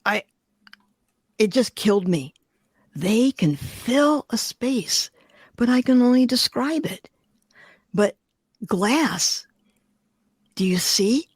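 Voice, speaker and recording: Older woman, from Detroit, artist guest, vivid emotional storyteller, highish voice, dry close sound. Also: expressive, slow, long pauses, slightly rough, no room sound. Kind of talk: storytelling interview.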